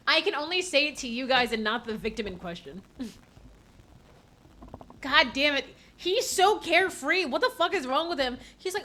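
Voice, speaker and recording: A young woman streaming a game playthrough, reacting with laughter, swearing, and excitable commentary. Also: sits high, moderate pace.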